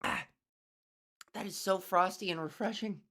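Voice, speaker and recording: A woman's voice: medium pitch, unhurried, a bit bright. Woman podcaster, solo comedic monologue, dry and meandering. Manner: wry, rambling comedic storytelling with casual swearing. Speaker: podcast host.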